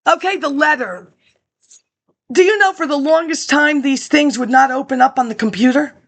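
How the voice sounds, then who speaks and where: High-voiced woman, rambling monologue, sarcastic asides, reads papers aloud. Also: normal speed, vocal fry. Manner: rambling, jumps between topics, sarcastic asides.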